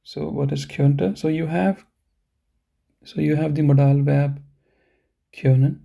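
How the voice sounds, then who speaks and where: His voice is a little high and steady, gravelly and dark, with the highs cut off. Teaching German in a live online class, he explains step by step, regularly checks on the learners, and enunciates example words slowly and deliberately.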